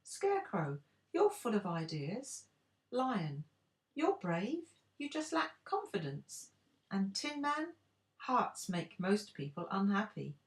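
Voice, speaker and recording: An older woman voicing a timid little old man who pretends to be a wizard, croaky and sheepish, in a storybook reading. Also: mid-range voice, very animated, slow pace, roomy sound, voice pushed up. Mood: reassuring. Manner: sheepish, fumbling.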